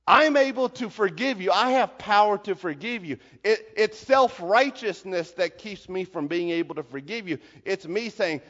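A man with a high-pitched voice preaches a sermon with great emphasis, dropping to near whispers and then rising to shouts. His voice carries a long hall reverb, and the recording sounds dull and lo-fi. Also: normal speed, hardly any pauses. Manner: emphatic, swings from hushed to shouting.

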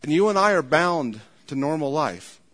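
A man's voice: fairly high pitch, expressive, moderate pace, fairly bright tone. A man preaching a sermon as a pastor, telling stories with acted quotes and repeating words as he goes. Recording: long hall reverb.

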